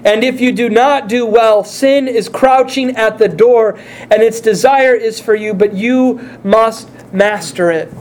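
A man's voice: high voice, a little slow, darkish tone, slight background noise. A male pastor preaching a sermon, speaking earnestly and putting direct questions to his congregation.

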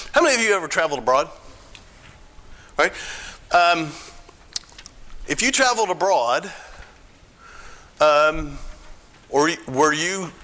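A man's voice: a little high, bright, forceful tone. A middle-aged American man giving a conversational church talk, often asking the audience questions. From United States.

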